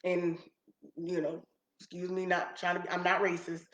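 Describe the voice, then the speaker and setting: A woman's voice: on the low side, completely flat delivery, moderate pace, highs cut off. A woman vlogger giving emphatic, repetitive casual commentary as a mother reacting to online drama. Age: adult mother. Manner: emphatic, ranting, repeats herself. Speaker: YouTube vlogger. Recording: roomy echo.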